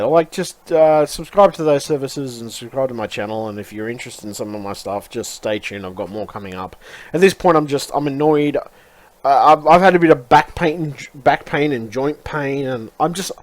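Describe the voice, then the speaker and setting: A man's voice: medium pitch, animated, normal speed. Frustrated, cursing man. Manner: frustrated, swearing, rambling. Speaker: YouTuber. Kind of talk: casual rambling vlog.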